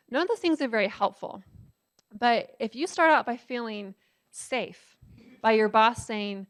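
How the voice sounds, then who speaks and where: Woman lecturing a crowd, kinda high voice, lots of ums, keeps asking right?. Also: moderate pace, a bit bright. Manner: conversational, asks the audience "right?"; frequent "um" fillers. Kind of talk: public lecture.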